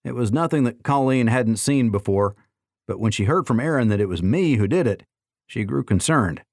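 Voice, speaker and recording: A man narrating an audiobook in a steady, even reading. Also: medium pitch, normal speed, dry recording, clean studio sound.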